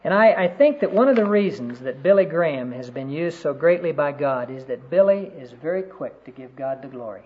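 Guy preaching earnestly, kinda high voice, muffled old tape sound. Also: expressive, fairly quick, few pauses. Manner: earnest storytelling, quotes scripture. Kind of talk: sermon. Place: conference room. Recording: dull lo-fi sermon recording.

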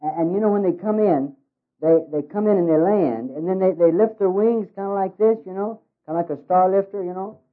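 A man's voice: high-pitched, a little fast. A man giving a humorous talk as a ministry worker, in a folksy way with many hesitations. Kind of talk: humorous speech with jokes. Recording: tinny phone-like radio recording.

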